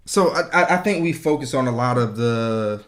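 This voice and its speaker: A laid-back man co-hosting a podcast and chatting casually. His voice is bright and clear at a middling pitch, and he wanders through his thoughts with endless "you know" fillers. He cracks jokes as he goes. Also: lively intonation, moderate pace. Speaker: podcast co-host. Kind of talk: casual chat.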